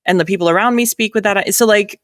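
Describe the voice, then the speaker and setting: A woman's voice: medium pitch, fast talker, fairly bright tone, no echo, studio quality. A woman audiobook narrator from New England with a light New England accent, chatting casually on a panel with many fillers and frequent laughs.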